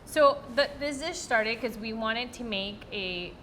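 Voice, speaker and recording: A woman chef from Peru, answering interview questions in a relaxed, frank way with short replies. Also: a little high, a little slow, a little hiss or hum. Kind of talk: casual interview chat.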